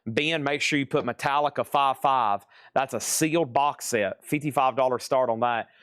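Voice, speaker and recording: A man calls out prices and names at a live vinyl sale, repeating them and chatting as he sorts crates. His voice is smooth and resonant, and the sound is dry and close with little room echo. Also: medium pitch, fairly bright tone. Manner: brisk, repeats prices and names, folksy asides. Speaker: live auction seller. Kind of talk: live-stream sales patter. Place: record shop, moving between crates.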